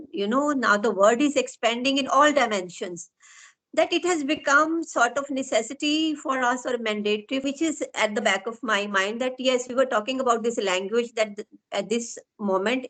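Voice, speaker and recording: Slightly high-voiced Indian woman interviewer. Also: fairly bright tone, low-quality recording. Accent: Indian English. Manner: long, winding, earnest questions. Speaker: interviewer and host. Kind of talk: online interview.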